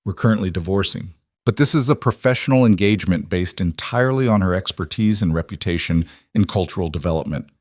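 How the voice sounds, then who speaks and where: A man voicing a contrite businessman who keeps his voice steady and even. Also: deep voice, quick pace, no echo, studio quality. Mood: steady contrition. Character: contrite businessman husband, middle-aged, steady.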